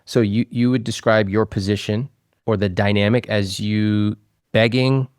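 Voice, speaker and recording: A man hosting a personal finance interview, asking calm, probing questions of a couple. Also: on the low side, measured pace, smooth, no room sound, studio quality. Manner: calm, probing questions, quotes others' words back. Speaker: host, financial advisor.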